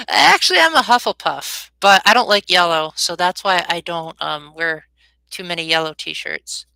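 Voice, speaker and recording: A woman's voice: on the low side, normal speed, bright, forceful tone, clean tone, no room sound, low-quality recording. Rambling young woman streamer. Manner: rambling, loses her train of thought, frequent ums. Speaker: live streamer. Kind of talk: casual live-stream chat with viewers.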